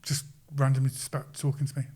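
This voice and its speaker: A man guest on a podcast, telling stories in an animated, casual way and acting out quoted voices. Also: medium pitch, fast, slightly rough. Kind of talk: casual storytelling.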